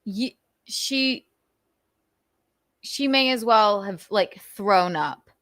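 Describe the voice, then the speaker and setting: A woman's voice: mid-range voice, drawn-out words, dry recording. Woman streamer rambling and cussing, lots of laughing, swoopy voice, dry close sound. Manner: animated, profane and laughing storyteller. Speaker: livestream host. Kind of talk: casual livestream chat.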